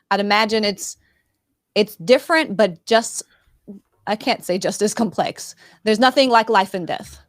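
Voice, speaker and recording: A woman's voice: mid-range voice, no echo. Woman interviewer, hesitant delivery, dry booth-like sound, asks about negotiation. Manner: hesitant, many fillers and restarts. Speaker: host, workplace and construction industry. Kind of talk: conversational interview.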